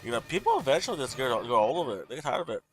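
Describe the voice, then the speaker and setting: A man's voice: medium pitch, very animated, rapid-fire, a bit bright, faint music behind. A man hosting a casual livestream, ranting bluntly with lots of swearing and answering his chat. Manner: blunt, profane, exasperated, talks back to chat. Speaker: tarot livestream host.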